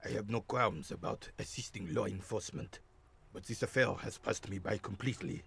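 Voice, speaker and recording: An actor playing a formal, condescending man who speaks in a measured, old-fashioned way. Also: on the low side, creaky, fairly bright tone. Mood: prim.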